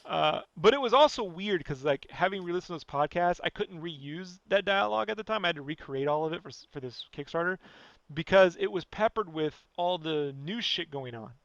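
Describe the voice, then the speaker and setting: A man's voice: sits high, lively intonation, fairly quick, a bit bright, no room sound, lo-fi sound. Blunt, profane man ranting on a podcast. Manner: blunt, profane, rambling, fillers like "you know". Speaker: podcast host. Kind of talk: casual podcast rant.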